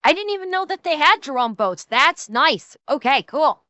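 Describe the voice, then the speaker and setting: Bright-voiced woman chatting on stream. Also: high voice, very animated, moderate pace, no room sound. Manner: chatty, laughs along. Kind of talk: casual reaction commentary.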